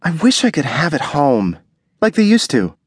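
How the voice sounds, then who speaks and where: Worried young expectant wife from a pulp audiobook, high and soft, pleading, voiced by a male narrator, dry studio read. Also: huge pitch swings, moderate pace, slightly rough, no echo, heavily acted. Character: young pregnant wife, gentle and anxious. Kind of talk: audiobook character voice.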